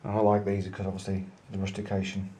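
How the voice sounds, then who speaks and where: A man's voice: sits low, completely flat delivery, fast talker, dark tone, slight background noise. A man vlogging, chatting enthusiastically to camera in a pipe maker's showroom. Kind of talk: casual showroom chat to camera.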